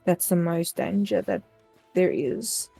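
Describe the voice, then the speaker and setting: A cocky, self-assured young adventurer, played by a woman player, speaks in an unhurried, breezy way during a tabletop game. Her voice sits a little low. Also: big pitch swings, vocal fry, dark tone, breathy edge, no echo, faint music behind, full character voice.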